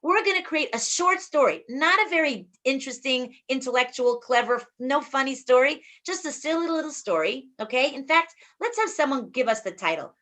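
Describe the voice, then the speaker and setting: Upbeat woman, 40s, online workshop host, playful and encouraging, high and bright on a video call mic. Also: lively intonation, moderate pace, hardly any pauses. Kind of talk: energetic group facilitation over video call.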